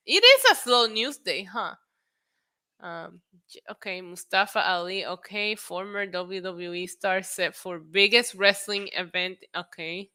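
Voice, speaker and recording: Woman, New York accent, casual wrestling stream host, bright tense voice, swears, laughs a lot. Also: lowish voice, measured pace. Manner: chatty, swears freely, laughs often, reads chat aloud. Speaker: wrestling talk show host. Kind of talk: casual livestream chat reading news and chat.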